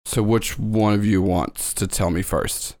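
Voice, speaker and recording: A game master voicing a caring but stern female school teacher who speaks softly and firmly in a tabletop role-playing game. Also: very deep voice, fairly even intonation, unhurried, no room sound, clean studio sound, pitched below the performer's own voice.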